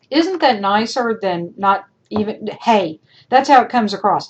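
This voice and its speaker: A woman's voice: mid-range voice, expressive, a little slow, few pauses, a little hiss or hum. A woman instructor teaching a screen-recorded tutorial, chatty, asking her students rhetorical questions. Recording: dull lo-fi screencast audio.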